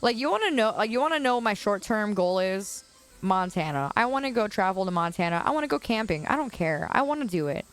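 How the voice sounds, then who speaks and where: A woman's voice: medium pitch, expressive, fast talker, soft background music. Chatty young woman streaming outdoors. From Chicago area. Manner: chatty, laughs often, answers chat comments. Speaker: livestreamer. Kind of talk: casual chat with viewers. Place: outdoors on a quiet suburban curb.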